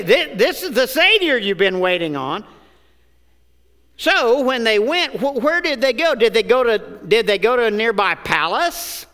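A man's high, bright preaching voice that moves at an unhurried pace. He leads a church in call-and-response and mixes humor into his sermon. The sanctuary's long reverb trails behind every word. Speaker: pastor.

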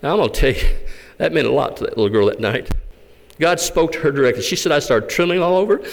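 A man's voice: medium pitch, animated, quick pace, vocal fry. Fervent man preaching a testimony. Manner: fervent storyteller, swings between loud and hushed. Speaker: visiting Gideon speaker. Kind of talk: testimony sermon. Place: church. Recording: echoey hall.

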